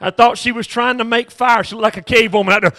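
A man's voice: extremely high pitch, fairly even intonation, fast talker, bright, forceful tone. A male pastor preaching a sermon with impassioned repetition and humorous storytelling.

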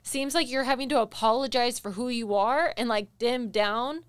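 A woman hosting a casual interview, emphatic and encouraging, telling stories in an animated way. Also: on the high side, normal speed, clear, resonant tone, dry recording. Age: adult, with a daughter. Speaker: podcast host.

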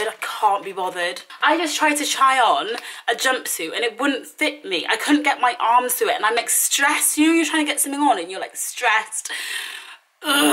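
Her voice is fairly high, bright, and forceful as this twenty-something vlogger chats through a casual try-on haul at home. She plays up the drama with self-mocking exasperation, and the distant mic picks up an echoey room.

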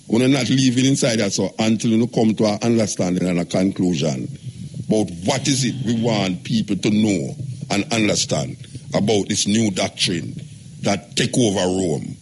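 A man with a Jamaican accent hosting a call-in radio show, talking in a relaxed, joking way with patois. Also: on the low side, a little hiss or hum. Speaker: radio talk show host. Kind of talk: casual call-in radio talk.

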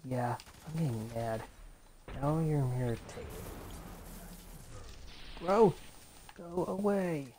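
Slow, low-voiced woman reacting to gameplay. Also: animated, dark tone, a little hiss or hum. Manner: reactive, exclaiming, self-mocking frustration. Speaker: gameplay commentator. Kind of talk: let's play commentary.

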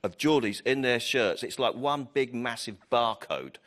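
A male comedian on a panel show, telling jokey stories in an animated way, laughing as he goes. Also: medium pitch, unhurried, very noisy. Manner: animated, laughing storytelling with stammered restarts. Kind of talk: comic panel banter.

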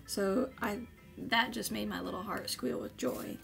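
A woman unboxing gifts in an unhurried, drawn-out way. Her voice carries a gravelly vocal fry, and she gushes effusively, pausing often on little fillers. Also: medium pitch, music in the background. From United States. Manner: gushing and effusive, with hesitant fillers. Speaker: vlogger. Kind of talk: casual unboxing chat.

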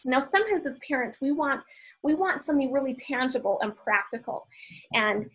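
Teary earnest lady on a video call, kinda breathy voice. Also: sits high, lively intonation, normal speed, a bit bright, low-quality recording. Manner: earnest, emotional, heartfelt. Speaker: panelist giving prayer. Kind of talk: prayer and panel talk on video call.

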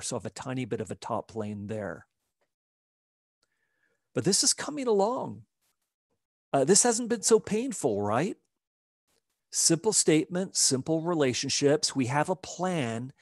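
A man teaching a live digital painting demo, explaining his steps in a relaxed way as he works. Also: medium pitch, dry recording, studio quality. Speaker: art instructor.

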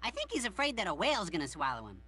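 A man voicing a goofy, excitable male cucumber who talks in a silly, dramatic way and is quick to panic. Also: high voice, slightly rough, heavily acted. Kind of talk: cartoon voice acting.

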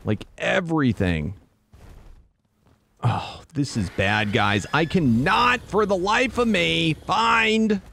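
Man, gameplay commentary, slow-paced, bright and gravelly, frantic yelps and low groans. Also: slight background noise. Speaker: gameplay streamer.

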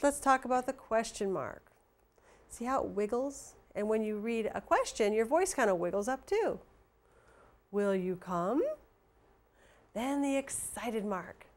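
Woman teacher, children's reading lesson, clear, expressive, slightly high voice. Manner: warm, expressive, slow and clear for young children.

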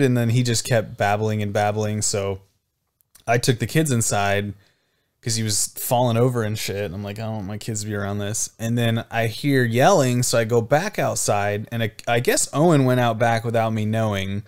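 A man's voice: medium pitch, fairly quick, clean tone. A young man, cohosting a podcast, telling a story in casual chat and acting out the people in it with lots of swearing. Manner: animated, swears, acts out quoted voices. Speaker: podcast co-host.

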